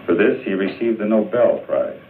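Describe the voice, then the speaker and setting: A cold, arrogant scientist, played by a man with a very deep voice, lecturing coolly. The sound is a tinny, narrow old film soundtrack with faint hiss behind it. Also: animated, normal speed, natural voice.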